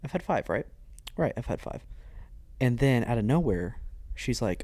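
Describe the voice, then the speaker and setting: A man's voice: mid-range voice, moderate pace, dry recording. A man telling a story on a podcast in a dry, close sound. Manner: animated storyteller who acts out quoted voices. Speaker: podcast co-host. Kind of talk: casual storytelling chat.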